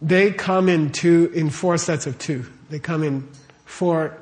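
A man whose voice runs on the high side speaks slowly, delivering an informal Buddhist teaching to a live audience in a warm room. Conversational throughout, he often asks the audience questions and keeps checking with "okay?" and "right?"

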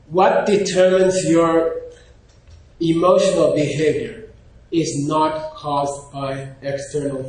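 A man giving an informal, animated lecture, often pausing to check in with his class. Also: fairly high pitch. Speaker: teacher. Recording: very echoey room.

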